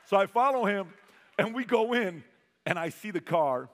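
A man's voice: high voice, lively intonation, moderate pace. A man giving a motivational stage talk to a sales audience, telling stories animatedly and acting out the people in them. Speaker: sales trainer speaking to an audience. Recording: reverberant hall.

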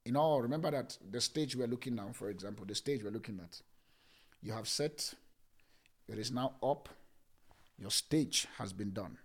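Pastor with a gravelly voice. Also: male voice, mid-range voice, moderate pace, long pauses. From Nigeria. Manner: preaching with repetition and sudden shifts between loud and hushed. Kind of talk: sermon.

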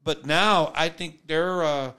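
A man with a somewhat high, smooth, clear voice, co-hosting a podcast. He talks in a loose, chatty way and jokes with the others. It is a casual political conversation. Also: steady tone, slow pace, sharp tone. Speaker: podcast co-host.

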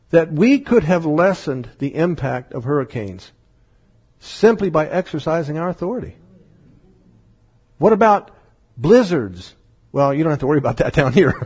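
A man preaching a sermon to a congregation, lively and often acting out voices in his stories. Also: sits high, breathy edge, highs cut off. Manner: animated, acts out voices in stories, laughs often. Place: church meeting room.

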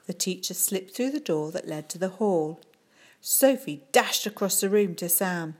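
Slow, low-voiced woman reading a story. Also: darkish tone. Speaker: audiobook reader. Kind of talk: reading a children's book aloud.

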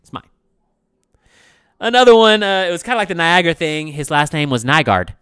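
A man talks through his solo podcast in a loose, rambling way, leaning on "you know" and jumping from loud outbursts to hushed asides. His voice is smooth and resonant, and it sits dry and close with no room around it. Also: a little high, sing-song, fairly quick, no echo. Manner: loose, rambling, frequent "you know what I'm saying"; swings between loud bursts and quiet asides. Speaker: podcast host. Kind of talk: casual solo podcast chat.

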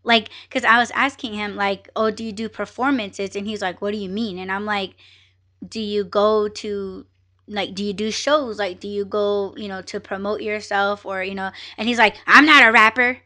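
Bright-voiced woman telling a story casually. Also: mid-range voice, normal speed. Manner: animated, profane, frequent fillers and quoted exchanges. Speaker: podcast host.

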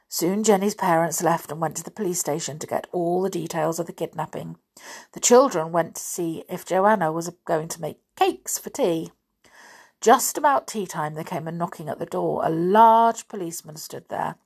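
A woman reading a children's novel aloud in a steady storytelling manner. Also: fairly low pitch, moderate pace, creaky, breathy edge. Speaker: narrator.

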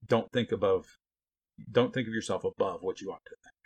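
A man's voice: fairly low pitch, a little fast, a little mellow. A man giving a conversational Bible teaching, blunt and folksy, full of rhetorical questions and asides.

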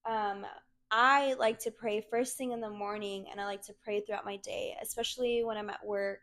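A woman's voice: mid-range voice, steady tone, moderate pace, fairly bright tone. A young woman giving a casual, earnest faith talk to her viewers, chatty and leaning on the word "literally". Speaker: Christian content creator.

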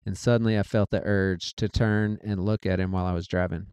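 A man telling a personal story in a casual, animated way, acting out what people said. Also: sits low, fairly quick, hardly any pauses, smooth, no room sound. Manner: animated, quotes people in their own voices.

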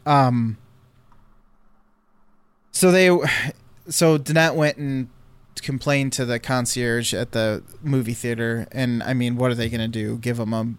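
Chatty man with a smooth, dry voice. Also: mid-range voice, steady tone, a little slow, pauses often, no room sound. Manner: rambling storyteller, many restarts and fillers. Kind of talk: casual chat.

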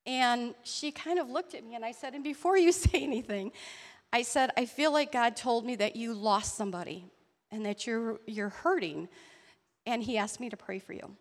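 A woman's voice: fairly high pitch, in a large hall. Earnest woman telling a testimony. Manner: earnest, halting storytelling with restarts and soft laughs. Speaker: church member sharing a testimony. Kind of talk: personal testimony story. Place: church hall.

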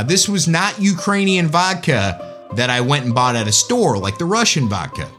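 A man's voice: on the high side, fairly bright tone. A man giving a casual, joking, opinionated monologue as a commentator.

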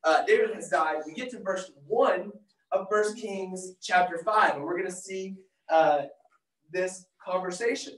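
A preacher giving a sermon who reads scripture aloud and retells it in a casual, excitable way. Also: medium pitch, measured pace. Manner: excitable, casual and animated, slips into voicing the characters. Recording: echoey room, mic far off.

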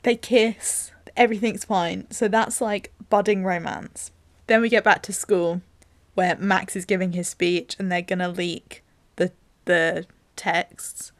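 A woman's voice: fairly low pitch, steady tone, unhurried, no room sound. A woman co-hosting a podcast, chatting casually as she walks through a film's scenes, with lots of "like" in her speech. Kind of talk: casual chat recapping a film.

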